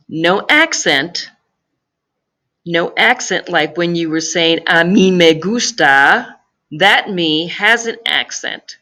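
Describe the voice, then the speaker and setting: A woman's voice: lowish voice, sharp tone. A woman teacher explaining grammar in a recorded lesson, patient and careful, repeating key phrases and speaking. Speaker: Spanish teacher.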